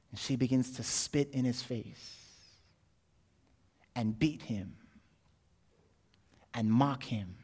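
A man preaching a sermon, telling a story that swings from loud, joking asides to hushed intensity. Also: medium pitch, fairly even intonation, slow, long pauses, slightly rough. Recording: long hall reverb.

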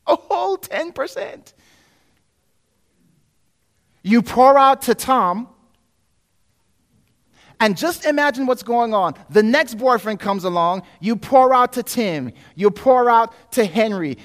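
A male preacher with a fairly high voice delivers a sermon. He is animated and acts out quoted voices, moving between loud stretches and quiet, hushed ones. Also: a little slow.

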